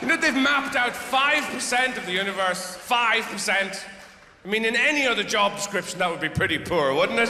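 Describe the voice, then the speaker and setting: A man's voice: high-pitched, expressive, normal speed, few pauses, very noisy. Sardonic middle-aged man doing stand-up. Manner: rambling, sardonic, sweary, with sudden outbursts. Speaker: stand-up comedian. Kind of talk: live stand-up comedy. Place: live theater stage. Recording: echoey theater hall, faint audience.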